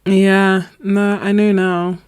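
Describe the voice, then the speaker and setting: A young adult woman chatting casually with her viewers, telling an animated story and laughing often. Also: mid-range voice, takes it slowly, smooth, no echo. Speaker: art channel host. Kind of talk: casual live chat story.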